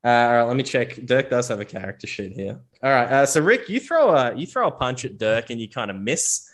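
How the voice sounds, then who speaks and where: A man's voice: medium pitch, sing-song, fairly quick. Casual male game master narrating. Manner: casual, swears, many fillers and restarts.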